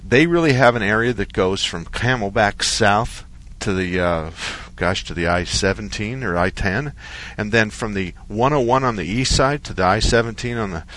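A man hosting a call-in radio show about cars, telling a long story in a relaxed, rambling way. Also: fairly low pitch, moderate pace, few pauses. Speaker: radio car-advice show host. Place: radio studio.

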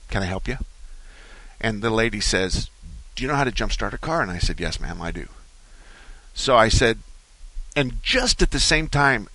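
A man's voice: medium pitch, pushed and bright, dry recording. A man hosting a talk radio car show, rambling through folksy stories in a studio. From Arizona. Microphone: studio microphone.

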